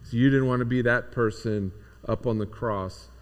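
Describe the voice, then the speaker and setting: A man's voice: medium pitch, steady tone, moderate pace. A man preaching a sermon as pastor, speaking in an earnest, reflective way.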